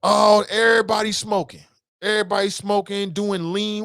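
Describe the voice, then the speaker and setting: Picture a man talking into a close mic, his voice dry with no room around it, as he hosts a casual call-in talk show. His pitch sits in a middle range. He reads listener comments aloud and answers them in a blunt, animated way, swearing freely. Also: moderate pace, dry recording.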